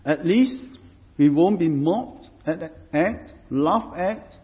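A man preaching a sermon in a slow, measured way, often repeating phrases as he builds a point. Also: on the high side, animated. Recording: dull sound with long hall reverb.

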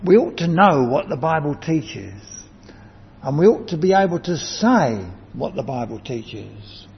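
Man, sermon, emphatic, slow, somewhat high voice, dull lo-fi church recording with long reverb. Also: big pitch swings, gravelly, husky. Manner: earnest, emphatic, rising to stress key words. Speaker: preacher. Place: church building.

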